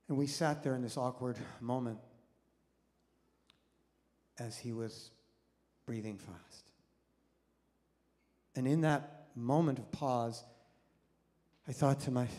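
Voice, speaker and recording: A middle-aged man, a doctor, telling a personal story in a sermon and acting out the voices of the people in it. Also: mid-range voice. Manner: animated storyteller, acts out quoted voices, engages the audience. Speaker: doctor and guest speaker at a congregation service. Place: congregation hall. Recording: long reverb of a hall.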